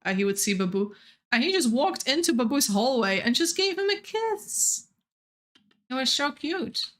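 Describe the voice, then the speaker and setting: Young woman, game streamer, rambling casual chat, bright tense tone, a bit high. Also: sing-song, normal speed. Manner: rambling, chatty, laughs often. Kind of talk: casual chat while gaming.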